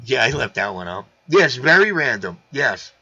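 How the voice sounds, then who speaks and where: A man with a gravelly voice hosting a casual live stream, loose and excitable, reading viewer comments aloud. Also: medium pitch, moderate pace. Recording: dull lo-fi stream audio.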